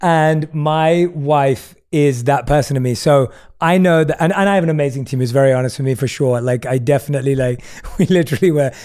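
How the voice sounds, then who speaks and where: A man's voice: a little high, a little fast, darkish tone. A man hosting a podcast interview, telling stories with frequent laughs and a self-deprecating manner. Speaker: podcast host. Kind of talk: casual interview chat.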